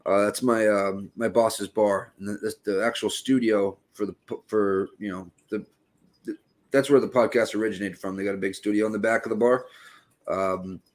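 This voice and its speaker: A man's voice: fairly low pitch, fairly even intonation, moderate pace. A man in his late thirties with a Boston accent, talking in casual podcast chat, rambling with restarts and frequent swearing. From Boston area.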